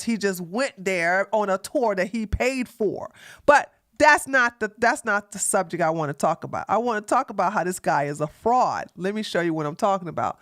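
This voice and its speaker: A woman's voice: medium pitch, lively intonation, moderate pace, a bit bright, no room sound, studio quality. A woman from the Washington DC area hosting a drama commentary livestream, sassy and mocking, talking straight to her chat. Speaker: livestream host.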